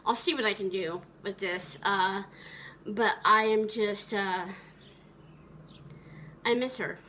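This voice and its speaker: A woman's voice: mid-range voice, slow, pushed and bright, slight background noise. A woman vlogger reminiscing tenderly in a casual, rambling way, with many fillers and restarts.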